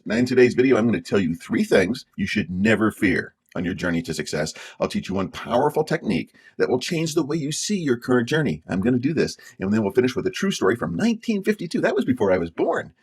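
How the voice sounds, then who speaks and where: Guy doing a pep talk video, lively swoopy delivery, keeps repeating himself for emphasis. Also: on the low side, quick pace, few pauses, breathy edge. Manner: emphatic, repeats key phrases. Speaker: motivational speaker.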